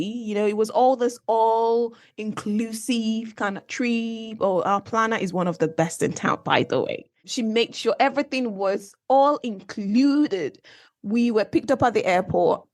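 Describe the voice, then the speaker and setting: A young woman from Nigeria hosting a solo podcast, telling a travel story in a chatty, animated way with asides and questions to her listeners. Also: medium pitch, dry recording, clean studio sound. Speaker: podcast host. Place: based in Manchester, recorded dry and close.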